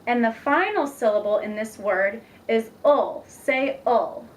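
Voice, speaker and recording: A young woman teacher demonstrating a reading lesson, patient and encouraging, speaking slowly and clearly. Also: a little high. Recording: distant mic with faint background noise.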